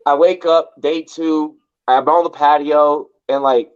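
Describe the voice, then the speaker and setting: A man's voice: on the high side, steady tone, measured pace, clear, resonant tone. Rambling, profane man from LA, lo-fi. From Los Angeles. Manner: rambling and profane, heavy use of "like". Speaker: podcast host. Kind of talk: casual storytelling chat.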